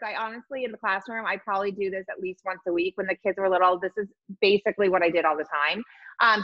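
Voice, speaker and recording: A woman teaching a virtual lesson to young children, encouraging and sing-song, sounding out letters slowly. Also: medium pitch, muffled recording. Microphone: video call.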